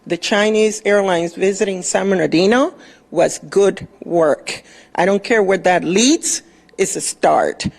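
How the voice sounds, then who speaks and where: A woman with a gravelly, fry-laced voice speaks at a city council podium. She talks with passion, pressing officials to do their part. She scolds some of them in pointed, blunt words. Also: mid-range voice, measured pace. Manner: impassioned, scolding. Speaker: public commenter. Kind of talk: city council public comment.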